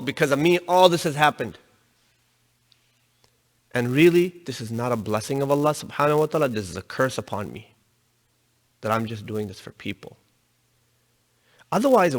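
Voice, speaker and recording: A man giving a religious lecture, telling a story in an animated way and raising his voice to stress his points. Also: medium pitch. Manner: animated storytelling, voice rising with emphasis. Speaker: religious teacher. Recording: long reverb in a hall.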